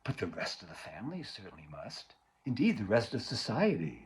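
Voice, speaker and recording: A man's voice: on the low side, wildly swooping pitch, a little fast, voice pushed down. A man reading aloud as a proud, cold older mother who speaks in a stiff, haughty way.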